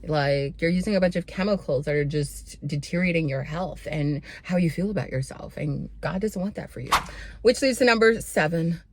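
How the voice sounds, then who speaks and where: A young woman vlogger focused on self-improvement gives her viewers a sassy, blunt pep talk, calling them honey and babe. Her voice sits low and moves at a moderate pace. There's slight background noise.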